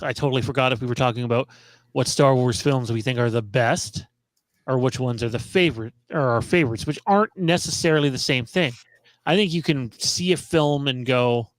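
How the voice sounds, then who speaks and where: A man on a casual podcast panel, talking in halting bursts with many fillers and restarts. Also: medium pitch, no room sound, poor audio.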